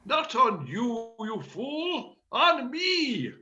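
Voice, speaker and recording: A man's voice: very high-pitched, wildly swooping pitch, extremely slow, pushed and bright, highs cut off, heavily acted. A man reading the part of a fussy, exasperated male panto director in an amateur play reading over a video call. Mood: frantic. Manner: pompous, theatrical outbursts.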